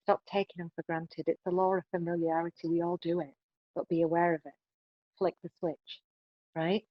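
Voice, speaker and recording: A woman's voice: lowish voice, little pitch movement, normal speed, dry recording, highs cut off. A woman being interviewed on a podcast, giving relationship advice in an emphatic way and often adding "right?" to her points. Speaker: podcast guest.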